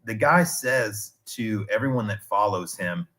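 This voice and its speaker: A man's voice: fairly low pitch, expressive, unhurried, a bit bright. A man in his thirties chatting casually on a stream, telling rambling, digressive stories with restarts. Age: 30s.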